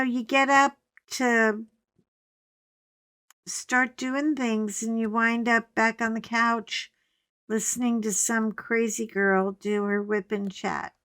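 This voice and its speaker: Slow-talking chatty woman vlogger. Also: medium pitch, no echo, studio quality. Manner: chatty storytelling, animated and laughing. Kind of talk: casual chat while crafting.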